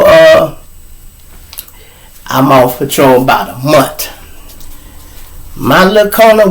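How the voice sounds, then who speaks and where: Animated man telling a story. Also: mid-range voice, rough recording. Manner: animated, profane, acts out quotes, addresses audience. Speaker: show host. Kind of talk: casual storytelling to viewers.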